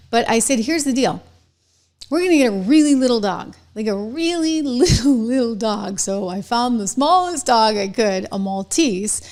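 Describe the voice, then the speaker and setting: A woman's voice: mid-range voice, a little mellow. A middle-aged woman hosting her own live online show, chatting casually with viewers and laughing often between stories.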